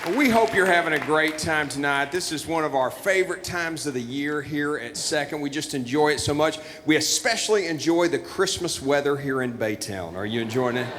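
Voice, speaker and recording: A man's voice: fairly high pitch, a little fast, few pauses, a bit bright, some chatter behind, slight background noise. A man hosting a church Christmas show on stage, playing flustered as he reads cards aloud. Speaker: church event emcee. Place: large church auditorium. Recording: long hall reverb.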